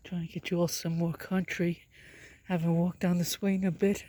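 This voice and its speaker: A man narrates his walk down a country road into the phone he's holding, short of breath from the exercise. His voice sits high and stays level, with little rise and fall. He mutters quick, offhand comments about what he passes. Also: little pitch movement, mellow. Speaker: vlogger. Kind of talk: casual walking vlog narration. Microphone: phone held while walking.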